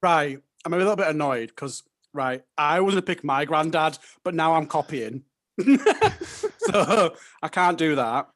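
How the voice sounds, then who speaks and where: A man's voice: fairly high pitch, a little slow, a bit bright, no room sound, clean studio sound. A man, a comedian guest joking and rambling in casual banter.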